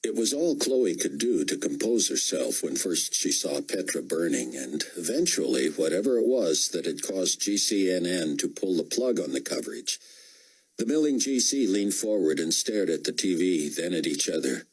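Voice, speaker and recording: A man narrating a novel as an audiobook, with measured storytelling. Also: sits low, very animated, breathy edge, poor audio. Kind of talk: scripted narration.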